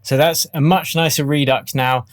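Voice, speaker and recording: A man giving a relaxed, chatty software tutorial for music producers, with faint demo music behind him. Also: on the high side, normal speed. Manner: relaxed, chatty explaining with fillers. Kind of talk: screen-recorded software tutorial. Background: faint demo music playing.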